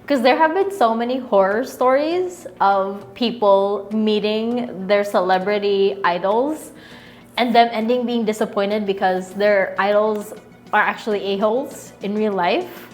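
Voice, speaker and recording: A young Filipina woman with a mid-range voice answers viewer questions in a casual, rambling chat. She laughs often and gets sentimental along the way.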